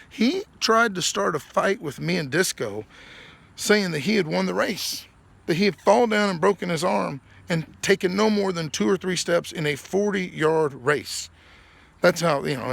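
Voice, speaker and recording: Gravelly profane man telling stories. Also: sits high, fairly bright tone. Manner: rambling, profane, laughs through the story. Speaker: podcast host. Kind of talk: casual storytelling monologue.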